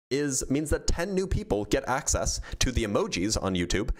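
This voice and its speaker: A man's voice: mid-range voice, very animated, fairly quick, few pauses. A man hosting a livestream, casually reading out donor messages and answering them with frequent laughs. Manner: reads donor messages aloud, laughs often. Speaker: streamer reading super chats.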